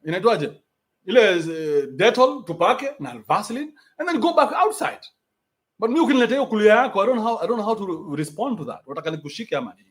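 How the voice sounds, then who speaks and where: A man with a Kenyan accent hosting a livestream, reading out donations and ranting bluntly with plenty of profanity. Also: high voice.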